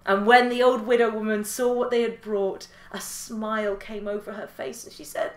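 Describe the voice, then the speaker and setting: A woman storyteller telling a folk tale in a lilting, expressive way. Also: medium pitch, normal speed, few pauses, roomy sound.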